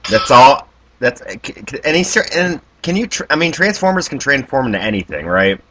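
Dude with a kinda husky bright voice chiming in dry about a movie. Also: male voice, mid-range voice, very animated, brisk. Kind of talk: casual movie review chat.

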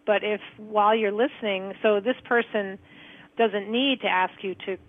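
A woman's voice: mid-range voice, steady tone, moderate pace, breathy edge, dry recording. A woman co-hosting a call-in radio show, reading out listener messages and asking the host clarifying questions. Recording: tinny phone-line radio sound.

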